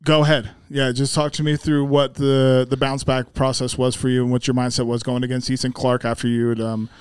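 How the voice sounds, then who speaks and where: A laid-back man hosting a podcast, asking questions slowly and with many "ums". His voice is very smooth and resonant, and the sound is dry and close. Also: mid-range voice, level tone, darkish tone, dry recording. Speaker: podcast host. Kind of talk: casual podcast interview.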